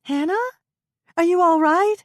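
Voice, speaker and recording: Frightened young woman, high and worried, near tears, put on by a woman narrator. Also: measured pace, dry recording, clean studio sound. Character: anxious young woman calling from above.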